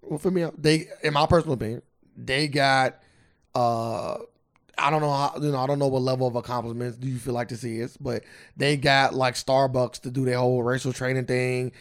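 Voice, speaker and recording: Gravelly young man, laid-back podcast chat. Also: medium pitch, steady tone, fairly quick. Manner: laid-back, slangy, laughs often. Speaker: podcast co-host. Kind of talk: casual chat.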